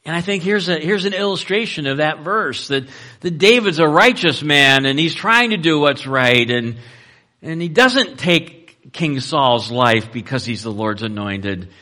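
A male pastor preaching, his voice a little high and very bright. He reads passages quickly, then slows down to explain them plainly, with frequent fillers. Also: lively intonation. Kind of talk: sermon reading and explaining scripture.

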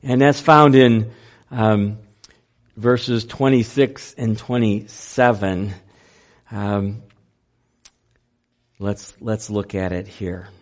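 A man preaching a sermon, unhurried and halting, with frequent fillers and restarts. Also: lowish voice, steady tone. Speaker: pastor.

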